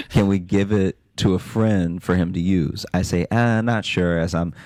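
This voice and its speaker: A man's voice: deep voice, steady tone, measured pace, a little mellow, no echo. A man reading listener stories aloud on a comedy podcast, dry with bursts of laughter. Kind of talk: comic podcast chat.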